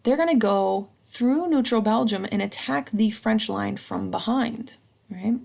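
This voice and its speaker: A woman's voice: a little high, unhurried, vocal fry, a little mellow. A woman teacher giving a recorded history lesson, chatty and casual, checking in with a "right?" after each point. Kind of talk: recorded slideshow lecture.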